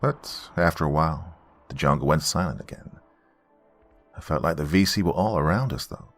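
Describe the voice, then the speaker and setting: A man narrating a horror story in an expressive, scripted storytelling manner. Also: rumbling low, normal speed, dry recording, faint music behind.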